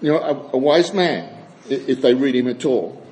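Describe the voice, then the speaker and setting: A male preacher giving a sermon at a middle pitch, often restarting his phrases and dropping in wry, chuckling asides. He reads passages aloud between his own comments. A faint hiss of background noise sits under the voice. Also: animated, moderate pace, a little mellow, poor audio. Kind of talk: sermon with scripture reading.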